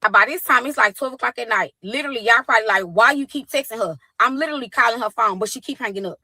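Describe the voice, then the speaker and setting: A woman telling a tense story about her daughter, quoting texts and calls in a fast, profane way. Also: fairly high pitch, pushed and bright, no room sound, poor audio. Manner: fast, profane retelling with quoted dialogue. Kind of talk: animated storytelling.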